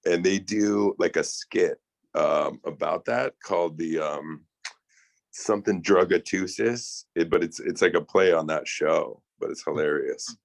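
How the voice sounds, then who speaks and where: A man's voice: low voice, a little slow, creaky, dry recording. A man co-hosting a podcast over a video call, talking in a loose, joking way with lots of fillers. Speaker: podcast co-host. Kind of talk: casual chat.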